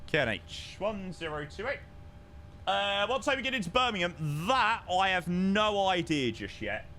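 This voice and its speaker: A young man chatting casually on a live stream while flying a sim, excitable and self-mocking. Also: sits high, moderate pace, slight background noise.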